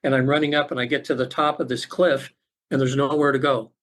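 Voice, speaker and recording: A middle-aged man, a podcast guest, telling a personal story in an earnest, halting way with many restarts, over a remote call. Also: mid-range voice, flat delivery, fairly bright tone. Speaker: podcast guest, afterlife facilitator.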